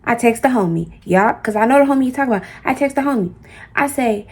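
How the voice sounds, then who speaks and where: A woman's voice: a little high, fast talker, slightly rough. A young woman telling a storytime in a casual, slangy, profane way, acting out the quotes as she goes. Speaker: storyteller vlogger.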